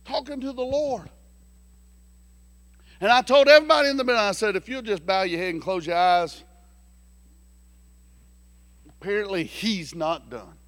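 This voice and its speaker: A man preaching a sermon in a very high, bright voice. He tells a folksy story, dropping to a hush and then rising to shouts. The sound is dry and close. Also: moderate pace, long pauses, no room sound. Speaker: pastor.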